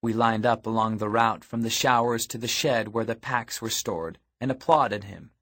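A man's voice: fairly low pitch, moderate pace, fairly bright tone. A man narrating a first-person story aloud in a wry, matter-of-fact storytelling manner. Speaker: audiobook narrator.

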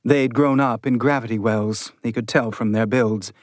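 A man's voice: mid-range voice, fairly even intonation, moderate pace, no room sound. Male audiobook narrator, dry and close. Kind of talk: scripted narration.

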